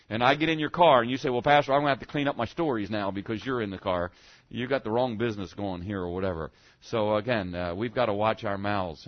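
Here the audio is dull, and the man's voice sits at a medium pitch. He's a pastor at a church service giving a wandering, chatty sermon, asking rhetorical questions and repeatedly confirming with the congregation by saying "okay?"

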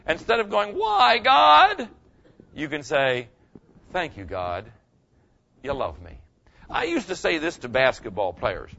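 A slightly high, creaky, husky male voice with a bit of brightness belongs to an older pastor giving a relaxed, folksy sermon. He keeps asking the audience "okay?" as he goes. The recording sounds dull.

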